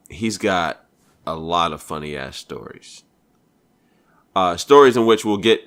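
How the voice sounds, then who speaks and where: A man's voice: low-pitched, bright, forceful tone. A man hosting a casual talk show, laid-back and teasing. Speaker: host. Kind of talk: casual podcast chat.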